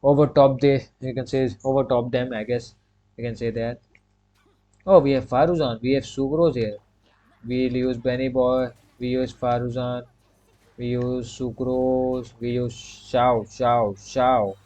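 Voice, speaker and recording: A man talks casually over his own gameplay in a mellow, relaxed voice. He steps himself through each move with short repeated commands and fills his pauses with the same stock phrase. The sound is dull and lo-fi, like a cheap home mic. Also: mid-range voice. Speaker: gaming streamer.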